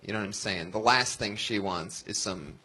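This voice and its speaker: A man hosting a live comedy show in a venue, giving quick, joking notes to comics between laughs. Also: fairly low pitch, sharp tone, slightly rough. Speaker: host.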